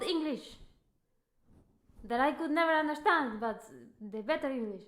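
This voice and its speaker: Slightly high-voiced woman musician rambling on a stream, jokey rants, echoey room. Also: expressive, moderate pace. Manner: rambling, joking rants with laughs. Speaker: livestreaming musician. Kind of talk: casual livestream chat between practice. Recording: roomy echo.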